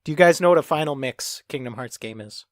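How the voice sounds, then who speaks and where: A man's voice: on the high side, fast, no echo, clean studio sound. A man co-hosting a podcast, eagerly explaining in casual chat. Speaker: podcast co-host.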